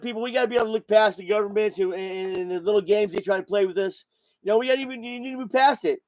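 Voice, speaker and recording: On a dry recording with poor audio, a man's voice sits high as he hosts a podcast. He's in his sixties and buzzed, and his casual monologue rambles along with profanity and repetition.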